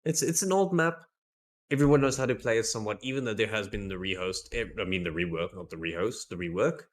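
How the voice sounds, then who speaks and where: A man with a fairly low voice calls a live esports match in a chatty, playful way. He sounds a little tired and often restarts his phrases as he goes. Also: fast. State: tired, yawning. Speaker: esports caster.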